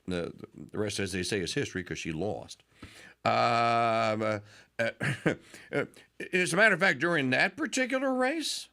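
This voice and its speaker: A man's voice: mid-range voice, sharp tone. A man hosting a political talk radio show, delivering a sarcastic, mocking monologue and sometimes mimicking politicians.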